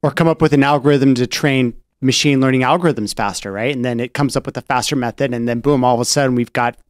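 A man speaking as a podcast guest, relaxed and agreeable, often giving short affirmations. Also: medium pitch, quick pace, no room sound, studio quality. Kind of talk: casual podcast discussion.

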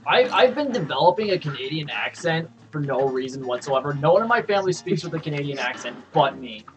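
A man's voice: fairly high pitch, animated, quick pace, over music. A man hosting a game stream, joking and swearing in casual chat with friends. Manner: joking, profane, mocks accents. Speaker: streamer host. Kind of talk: casual chat while gaming.

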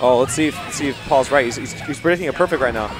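A young man doing live, joking, profane commentary on a fighting-game match at a tournament, yelling at big plays. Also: medium pitch, rapid-fire. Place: gaming tournament venue. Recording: live stream with crowd noise and music.

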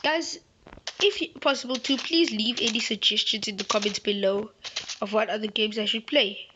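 A gaming channel host offers rambling, playful, chatty commentary as she plays. Her voice is fairly high and steady at a moderate pace, and the recording is slightly muffled with a faint hiss.

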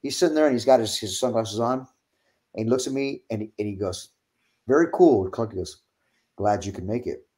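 A man's voice: mid-range voice, animated, fairly quick, warm tone. A middle-aged man telling a road story in casual talk, laughing and swearing freely. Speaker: wrestling guest.

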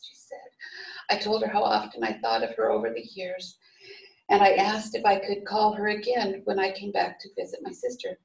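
A woman reading a story aloud at a memorial service, in a steady storytelling manner with small restarts. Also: mid-range voice, normal speed, vocal fry. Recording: echoey room, voice from far off.

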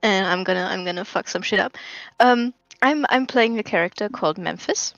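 A woman's voice: medium pitch, normal speed, gravelly, fairly bright tone, dry recording, faint music behind. Woman artist, giggly and stammery, muffled dry lo-fi mic. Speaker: artist and player. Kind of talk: casual chat.

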